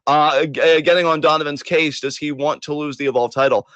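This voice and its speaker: A man's voice: fairly high pitch, steady tone, fairly quick, a bit bright, no echo, muffled recording. A man hosting a casual podcast chat, joking, laughing and swearing casually. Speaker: host.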